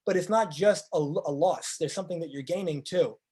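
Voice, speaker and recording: A man's voice: fairly high pitch, brisk, slightly rough. A man giving a motivational presentation, speaking earnestly and piling up rhetorical questions. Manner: earnest, acts out quoted speakers in lively voices.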